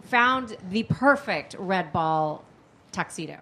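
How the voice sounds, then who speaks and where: A woman co-hosting a show in casual banter, teasing and lively as she plugs events. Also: on the low side, slow. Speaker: radio co-host.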